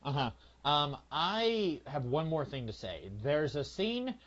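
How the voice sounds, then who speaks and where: A man co-hosting a podcast in casual movie review chat, telling things in a rambling, halting way full of fillers and restarts. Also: fairly high pitch, big pitch swings, fairly bright tone. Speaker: podcast co-host. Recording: lo-fi, dull sound.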